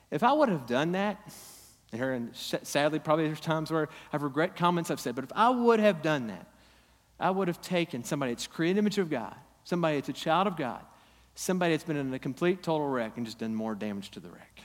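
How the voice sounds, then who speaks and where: A man in his thirties preaching a sermon in a church hall, swinging from loud emphatic peaks down to quiet, low asides. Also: lively intonation, fast talker. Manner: impassioned, rising to loud emphatic peaks then dropping low. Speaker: pastor. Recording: long hall reverb.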